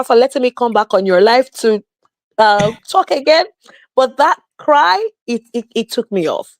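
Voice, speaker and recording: Woman caller on a live show; high, lively storyteller with wide pitch swings. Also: no echo. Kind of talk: casual call-in chat.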